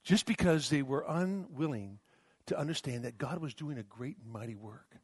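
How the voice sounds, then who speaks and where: Husky-voiced male preacher, dry sound. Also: expressive, moderate pace, dry recording. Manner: preaching with emphatic swings of pitch and loudness, drops to near-whispers; repeats words and restarts mid-phrase. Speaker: pastor. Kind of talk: sermon.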